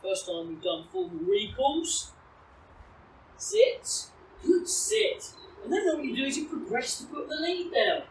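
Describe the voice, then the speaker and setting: A woman teaching puppy recall outdoors, explaining calmly and switching to high, bright praise when she calls the dog. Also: normal speed. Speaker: dog trainer. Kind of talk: outdoor training demonstration. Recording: roomy, distant, faint ambient noise.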